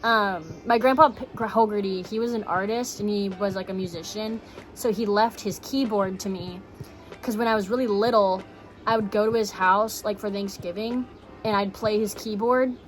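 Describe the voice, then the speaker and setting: A young woman tells a story to her camera in a casual, blunt way, swearing freely and filling pauses with "like". Her voice sits at an ordinary middle pitch. Soft music plays faintly behind her. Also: fairly even intonation. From Texas. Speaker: vlogger.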